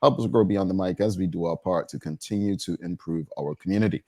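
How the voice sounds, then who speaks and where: Brief: deep-voiced man hosting a studio talk show, animated and stammering, dry close sound. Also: fast talker, no room sound. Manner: animated, stammering restarts, jumps high in pitch when excited. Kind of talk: casual studio banter.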